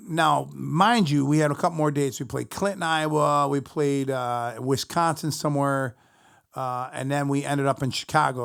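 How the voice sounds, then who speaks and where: A middle-aged man, a musician, casually telling a long profane story to his stream chat, animated and rambling. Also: mid-range voice, vocal fry.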